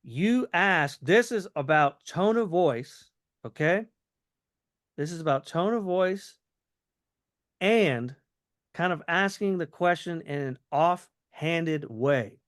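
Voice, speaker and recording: A man with a slightly high, somewhat bright voice coaches someone through a sales pitch, acting out both sides of the exchange to demonstrate the phrasing. He's animated yet takes it slowly, keeping everything loose and conversational. The recording is dry and close, with no echo.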